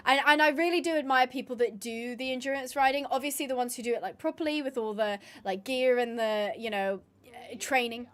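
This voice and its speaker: A woman's voice: a little high, normal speed. A young woman chatting casually on a live stream while she plays, rambling with lots of fillers and restarts. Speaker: streamer and roleplayer.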